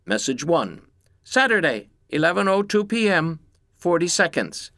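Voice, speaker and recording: A man voicing a synthesized female answering machine voice, flat and measured. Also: on the high side, creaky, no room sound, studio quality, voice pushed up, heavily acted. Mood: announcing.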